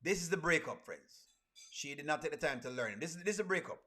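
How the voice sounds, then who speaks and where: A man's voice: on the high side, lively intonation, fast talker, a crowd in the background. A man hosting a casual livestream, reacting to clips and reading chat aloud with a playful manner and frequent laughter. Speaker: reaction streamer.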